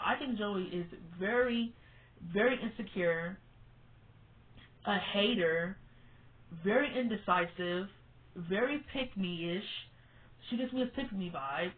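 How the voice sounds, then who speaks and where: A woman talks through a TV series in a casual, opinionated vlog, at a middle pitch. She is blunt, curses freely and repeats words to drive her point home. The sound is thin and tinny, like a phone line. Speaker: TV show reviewer.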